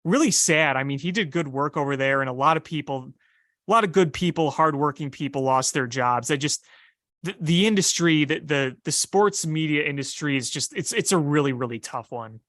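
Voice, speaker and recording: A man's voice: a little high, expressive, moderate pace, fairly bright tone, no echo, clean studio sound. A man co-hosting a sports podcast in casual chat, emphatic and opinionated.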